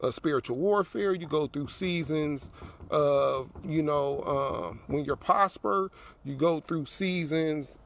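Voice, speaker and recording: A man's voice: on the high side, slow, gravelly, a bit bright, slight background noise. A man telling a personal story in a rambling way, repeating his phrases, recorded outdoors by an apartment building. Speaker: vlogger.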